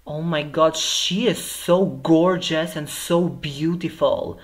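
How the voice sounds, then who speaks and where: A man's voice: on the high side, steady tone, slow. A man hosting a reaction video, talking in effusive, exclamatory bursts of praise. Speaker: YouTube reaction host.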